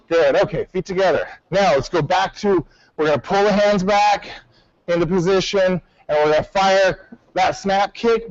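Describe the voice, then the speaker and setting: A man teaching a martial arts class, calling out drills with sharp commands and counts. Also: high voice, muffled recording. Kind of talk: class instruction.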